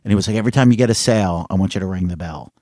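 A man's voice: sits low, rapid-fire, no echo, clean studio sound. A man, a comedian, telling stories in casual chat, laughing often and acting out the people he talks about. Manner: animated storytelling, laughing and imitating people.

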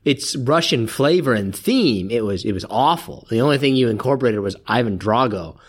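A man's voice: mid-range voice, expressive, moderate pace, husky. A man co-hosting a casual chat show, blunt and opinionated, teasing his partner. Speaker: podcast co-host.

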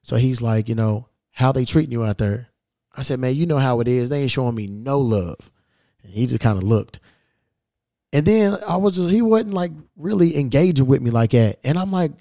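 Podcast host, male, casual and profane storyteller, mellow dark voice, dry close sound. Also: mid-range voice, moderate pace, dry recording. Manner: profane, rambling, animated when retelling.

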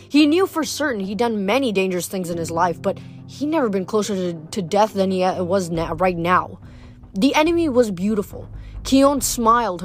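A woman summarizing and then reading a novel aloud, with frequent restarts and self-corrections. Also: mid-range voice. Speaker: book reader.

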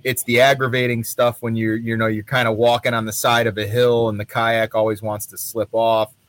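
A man's voice: medium pitch, level tone, a little fast, fairly bright tone. A man from a gear company chatting casually, repeating and restarting his phrases. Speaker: company representative. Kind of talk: casual chat.

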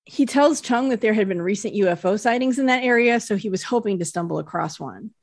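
Relaxed woman recapping a TV episode. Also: medium pitch, brisk, no echo, clean studio sound. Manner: relaxed storytelling, retells scenes in plain narration. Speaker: podcast co-host. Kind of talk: casual recap chat.

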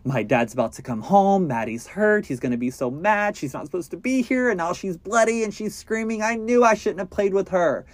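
A man voicing a nervous, frightened fourteen-year-old boy in a higher, strained voice. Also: fairly quick, mellow, dry recording, lightly acted. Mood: panicked.

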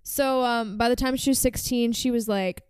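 A woman's voice: a little high, fairly even intonation, moderate pace, a little mellow, clear, resonant tone, no room sound. A woman hosting a podcast, telling a story in casual chat with lots of "like" fillers. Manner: chatty, frequent "like" fillers. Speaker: podcast host.

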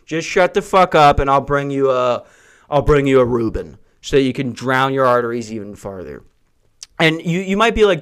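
A man's voice: medium pitch, expressive, moderate pace, a bit bright, clear, resonant tone. A man hosting a solo comedy podcast from a house, ranting in a crude, profane and self-mocking way. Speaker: podcast host. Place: hot brick house.

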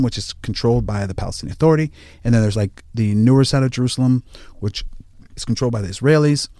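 A man speaking as an interview guest in casual conversation, halting often with fillers and restarts. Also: medium pitch, a little mellow, no room sound, studio quality.

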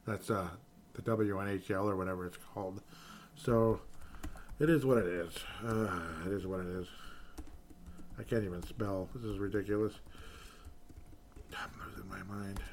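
A man's voice: fairly low pitch, steady tone, moderate pace, long pauses, a little mellow, slight background noise. A man hosting a casual sports talk stream, reading viewer comments and rambling through self-mocking asides. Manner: rambling, self-deprecating, drops to mumbling asides.

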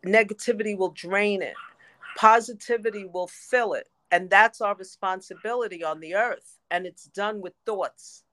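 A woman telling her own story as a podcast guest, lively and quick to laugh. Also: mid-range voice, dry recording. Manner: lively, laughs often between phrases. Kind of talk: storytelling in interview.

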